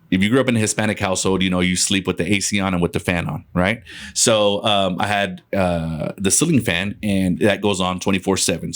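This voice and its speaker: A man with a fairly low voice tells a ghost story as a podcast guest. He keeps it loose and conversational, with casual swearing and laughs slipped between his lines. He is from West Texas.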